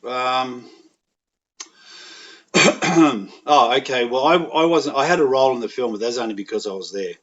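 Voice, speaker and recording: A middle-aged Australian man telling rambling, animated anecdotes in a casual chat, with voiced quotes. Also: medium pitch, measured pace, pauses often, lo-fi sound. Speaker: podcast guest, actor.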